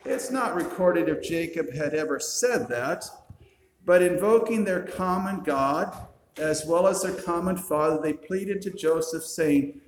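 A pastor preaching a sermon, retelling a story with dry asides to the congregation. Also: male voice, a little high, lively intonation, slow, roomy sound, a little hiss or hum, rough recording.

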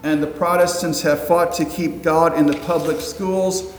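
Man in his fifties, pastor delivering a casual sermon with dry asides; a touch higher-pitched, recorded in a reverberant church sanctuary with faint ambience. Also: fairly even intonation, normal speed, a little hiss or hum. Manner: conversational, wry asides, rhetorical questions. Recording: roomy echoing hall, faint ambience.

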